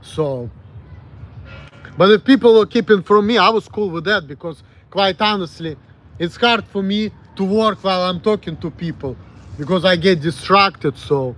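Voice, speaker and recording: A man in his late thirties with a Russian accent speaks in a rather high voice, answering viewers on a casual livestream. His talk rambles and stops to correct itself, blunt and full of profanity. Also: a bit bright. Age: late 30s. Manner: rambling, frank, profane, halting self-corrections. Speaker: streamer.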